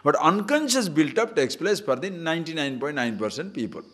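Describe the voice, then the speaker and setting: A man teaching scripture as a swami in a spiritual discourse, teasing his listeners with rhetorical questions and chanting short verses slowly. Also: fairly high pitch, big pitch swings, a bit bright. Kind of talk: spiritual discourse to a live audience.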